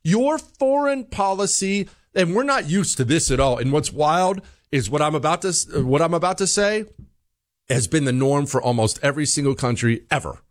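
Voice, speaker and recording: Male radio talk host, lively emphatic delivery, slightly high voice, dry studio sound. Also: no echo. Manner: animated, emphatic, slows down for emphasis. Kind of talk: political commentary monologue.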